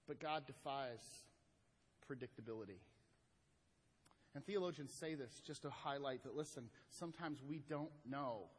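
A man preaching a sermon as pastor, swinging from loud emphatic lines to hushed, slow ones. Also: mid-range voice, slightly rough. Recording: long hall reverb.

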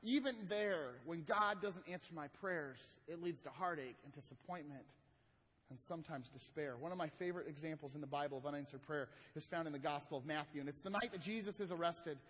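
A male pastor delivers a sermon in a fairly high, husky voice. He swings between loud, emphatic lines and hushed, slow ones. The sound carries a long reverb from a large hall.

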